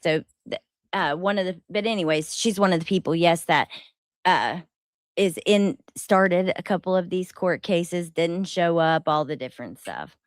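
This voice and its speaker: Her fairly low voice moves at normal speed on a dry headset recording as she hosts a casual commentary stream. The streamer laughs a lot, swears freely, and rambles through her reactions.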